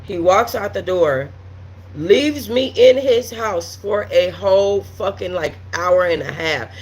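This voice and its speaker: A woman's voice: fairly low pitch, unhurried, husky. A woman tells a story live to her viewers, blunt and exasperated, with swearing throughout. She keeps breaking off to talk straight to the audience and to respond to the chat as it comes in. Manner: talks straight to viewers with many asides. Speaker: host of a storytime livestream. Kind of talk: casual storytelling while reading live chat.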